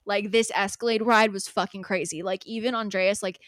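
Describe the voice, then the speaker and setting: A young adult woman co-hosting a podcast. She tells a story in a casual, animated way, swears freely and acts out what people said. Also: medium pitch, brisk, no echo, studio quality. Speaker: podcast co-host.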